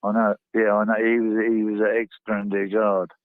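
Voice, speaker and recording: A man's voice: fairly low pitch, completely flat delivery, fairly quick, no room sound. A man calling in, talking hesitantly with stumbles and swearing. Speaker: caller. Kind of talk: casual phone-in chat. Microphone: phone call. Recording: tinny phone line.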